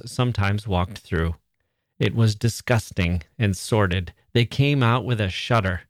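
A man's voice: fairly low pitch, no echo. Man narrating a story, dry close sound. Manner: measured, storytelling. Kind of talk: audiobook narration.

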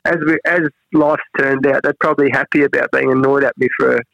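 A middle-aged Australian man in a relaxed interview, telling stories and acting out what others said. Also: fast, vocal fry, dry recording. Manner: animated, acts out quoted voices with big pitch jumps. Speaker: national cricket head coach, guest. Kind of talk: casual storytelling interview. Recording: dry, dull lo-fi sound.

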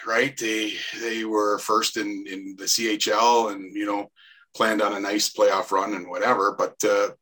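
A man's voice: on the low side, fairly bright tone. A man in his fifties, a podcast guest telling a rambling story full of restarts and fillers. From Canada. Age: 50s. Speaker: podcast guest, former player. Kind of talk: casual storytelling.

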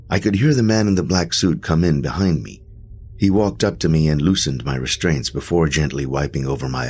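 Very deep voice dude reading a creepy story, intense and emotional, faint noise underneath. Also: male voice. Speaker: horror story narrator. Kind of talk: dramatic first-person horror narration.

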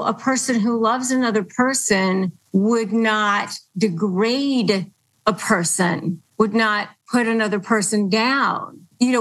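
A woman's voice: medium pitch, poor audio. A woman hosting an advice podcast, explaining in an earnest, patient way and quoting phrases as examples. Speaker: podcast host.

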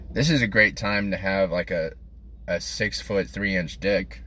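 A man's voice: sits low, steady tone, measured pace, bright, forceful tone. A man delivering a crude, self-deprecating comedic monologue as a podcast host, rambling from one thought to the next.

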